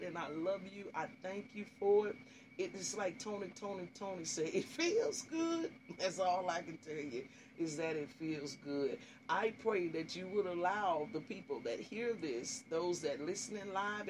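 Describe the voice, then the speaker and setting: A man with a fairly high voice preaches to his online listeners in a loose, heartfelt way. He circles back on the same phrases again and again. His talk often turns into fervent spoken prayer. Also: slight background noise. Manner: earnest, repeats phrases, slips into fervent prayer. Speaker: ministry host.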